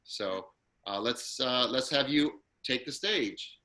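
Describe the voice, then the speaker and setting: A man's voice: mid-range voice, lively intonation, slow pace, noisy background. A man hosting an acting class over a video call, upbeat and encouraging.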